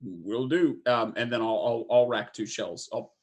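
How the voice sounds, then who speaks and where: A man's voice: mid-range voice, unhurried. Hesitant man player. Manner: hesitant, filler-heavy. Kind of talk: casual tabletop game play.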